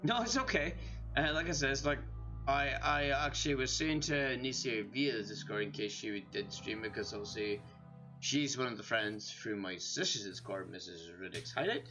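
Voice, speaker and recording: A Scottish man streams a game while tipsy from drinking, rambling in a self-deprecating way as he chats casually. His mid-range voice comes across as pushed and bright at a moderate pace, with soft music playing in the background.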